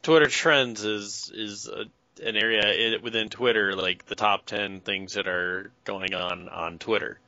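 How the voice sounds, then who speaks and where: A man's voice: on the low side, fairly even intonation, unhurried, bright, forceful tone, dry recording. A man in casual chat, blunt and rambling, swearing now and then. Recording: dull dry lo-fi sound.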